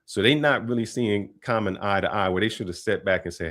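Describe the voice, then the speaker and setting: Laid-back low-voiced male commentator. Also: fairly quick. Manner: relaxed, conversational, laughs often. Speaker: host. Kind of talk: casual commentary.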